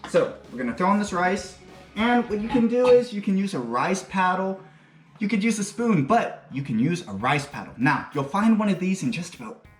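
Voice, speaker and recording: A man with a high, sing-song voice runs a relaxed cooking demo at home, speaking at normal speed. He talks crudely and drifts into jokey, rambling tangents, while faint music plays and the kitchen echoes.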